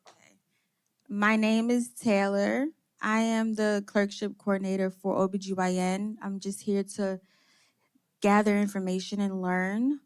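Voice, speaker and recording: A woman's voice: medium pitch, little pitch movement, unhurried, a little mellow, smooth. Woman answering from a conference audience. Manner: hesitant at first, then steadier. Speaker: audience member, clerkship coordinator.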